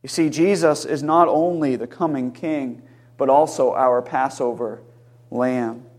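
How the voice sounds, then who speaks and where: A male pastor preaching a sermon, lifting his voice on quoted cries and dropping low and quiet at the ends of phrases. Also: fairly even intonation, a little slow. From Maine, USA. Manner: emphatic, lifts his voice high on quoted cries.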